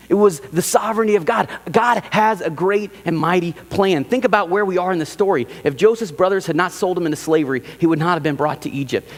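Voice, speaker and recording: A male pastor preaching a sermon in a church, animated and emphatic, repeating key phrases and acting out quoted lines. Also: on the high side, in a large hall. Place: church sanctuary.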